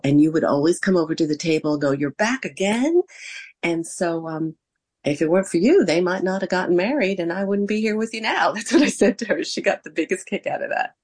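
Older American woman, interview guest, animated storyteller who acts out quotes. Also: deep voice, slightly rough. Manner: animated anecdotes with acted-out quotes. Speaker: interview guest, former theme park performer and interviewer.

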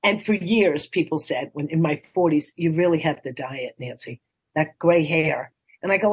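A woman in her sixties, a life coach and author, chatting in an interview and telling stories with lively acted-out quotes. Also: on the low side, normal speed, slightly rough. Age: 60s. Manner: chatty, animated storytelling, acts out quoted voices. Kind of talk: casual interview chat.

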